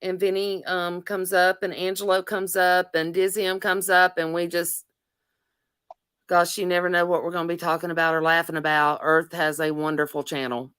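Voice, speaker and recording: A woman hosting a casual livestream chat, chatty and quick to laugh, with lots of fillers. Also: on the low side, little pitch movement, fairly bright tone, clean tone, dry recording, clean studio sound. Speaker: livestream host.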